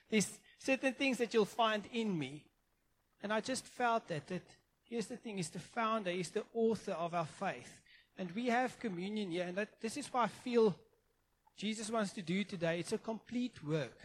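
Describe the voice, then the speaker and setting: South African male preacher, high-pitched, heartfelt and rambling, informal sermon. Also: slight background noise, low-quality recording. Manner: earnest, halting, many restarts. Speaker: guest preacher. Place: church congregation.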